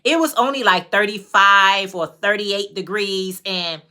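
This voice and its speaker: She has a mid-range, sharp-toned voice and a Chicago accent, chatting easily with her livestream audience as she makes crocheted hats. Viewers get greeted by name, and her phrases come out drawn-out.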